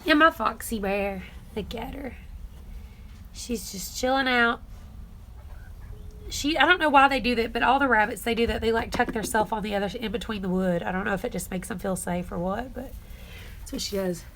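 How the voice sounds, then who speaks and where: A woman's voice: a little high, moderate pace, a bit bright, a little hiss or hum. A woman on a casual live stream from her barn, emotional and tearful, rambling as she talks to her viewers. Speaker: homestead vlogger.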